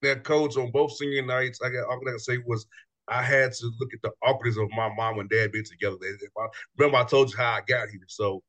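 A man hosting a casual talk show, relaxed and chummy, laughing between his lines. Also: medium pitch, quick pace. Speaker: show host. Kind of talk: casual interview chat.

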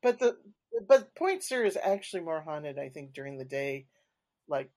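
A woman's voice: deep voice, big pitch swings, moderate pace, a little mellow. A woman being interviewed as a paranormal investigator, recounting her experiences casually and unhurriedly, with fillers and restarts. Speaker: podcast guest, paranormal investigator.

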